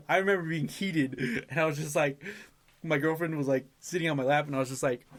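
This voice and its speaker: A man's voice: on the high side, a little fast, fairly bright tone. A young man co-hosting a casual podcast chat, telling stories animatedly, laughing often and swearing freely. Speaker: podcast co-host.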